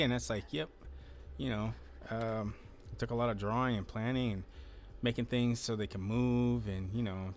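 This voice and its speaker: A man hosting a casual livestream, rambling in a laid-back way, swearing now and then, talking into a close desk mic at home. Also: fairly low pitch. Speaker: livestream host. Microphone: desk mic, close then moved closer.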